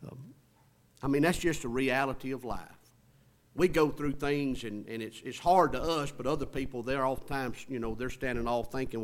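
A man preaching a sermon in a folksy way, talking straight to the congregation and swinging from hushed lines to loud emphatic ones. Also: mid-range voice, a little fast. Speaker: pastor.

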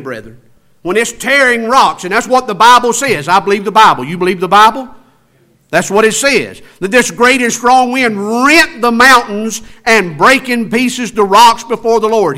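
A pastor delivers a sermon, alternating between loud, forceful stretches and quiet, long, low-pitched phrases. He repeatedly poses rhetorical questions to his congregation.

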